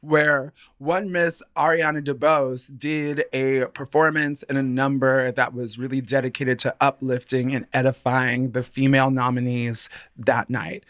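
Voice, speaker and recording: A playful man co-hosts a fashion podcast and keeps the talk loose and chatty. He giggles often as he speaks. His voice sits at a middling pitch and sounds dry and close. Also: little pitch movement, a little slow, a bit bright, dry recording. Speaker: podcast co-host. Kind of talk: casual fashion podcast chat.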